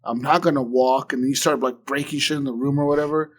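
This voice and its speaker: A man in a relaxed podcast conversation, telling a long story in a loose, rambling way. His voice sits at an ordinary middle pitch, and he keeps stacking fillers and curses while acting out the other people's lines. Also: quick pace. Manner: rambling retelling full of "like" and swearing, acting out quotes. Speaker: podcast co-host. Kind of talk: casual chat.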